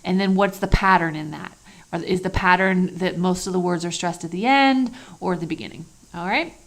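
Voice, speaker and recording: A woman's voice: on the low side, brisk, fairly bright tone. Woman teaching, checking in with "okay". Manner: conversational, checks in often with "okay" and "all right"; rhetorical questions, emphatic. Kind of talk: lecture.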